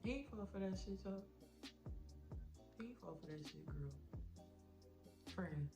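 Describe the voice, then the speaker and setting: A woman vlogger telling a storytime in a casual, animated, profane way, talking straight to her viewers. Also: mid-range voice, measured pace, gravelly, reverberant, music in the background.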